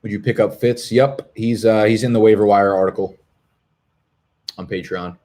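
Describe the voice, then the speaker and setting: Low-voiced profane young guy. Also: fairly even intonation, moderate pace, dark tone. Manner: profane, rambling, jokey. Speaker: fantasy football stream host. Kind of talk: casual live-stream chat reading comments. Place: apartment in Brooklyn.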